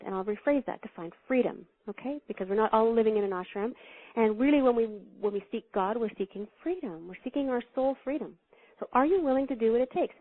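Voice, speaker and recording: A woman's voice: fairly high pitch, brisk. A woman speaking as a guest in an interview, teaching through stories and acting out the voices in them. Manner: animated storyteller who acts out the voices in her stories. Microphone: phone line. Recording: tinny phone line.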